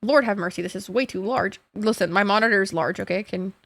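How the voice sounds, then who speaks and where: A young adult woman streamer chatting casually while gaming, ranting in an animated, profane way. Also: mid-range voice, quick pace, no room sound, studio quality.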